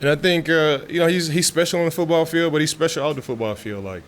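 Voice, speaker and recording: A man's voice: fairly high pitch, fast. A man, answering reporters' questions in a loose, chatty way, full of fillers and restarts. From Texas. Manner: relaxed, talkative, frequent fillers and restarts. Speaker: football player at press conference. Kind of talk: casual press interview. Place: media room after practice.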